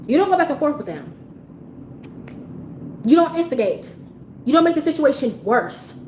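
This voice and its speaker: Animated, swearing woman telling a story in an echoey room. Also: high voice, moderate pace. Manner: animated storytelling, swears often, bursts into laughter. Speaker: livestream host telling a story. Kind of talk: casual storytime chat to a live audience. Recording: echoey room with faint background noise.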